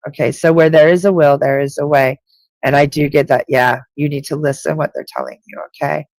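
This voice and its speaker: A woman hosting a live psychic reading session, her voice gravelly with a dry, close sound. She speaks directly to each listener and repeats key points for emphasis. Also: low voice, fairly even intonation, fairly quick, a little mellow, no echo. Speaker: psychic reader. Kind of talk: live-stream intuitive reading.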